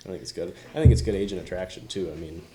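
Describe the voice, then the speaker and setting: A man's voice: sits low, racing, warm tone, slight background noise. A man, a real estate agent, chatting loosely on a podcast and filling his talk with "like". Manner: loose, chatty, says "like" a lot. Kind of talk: casual podcast chat.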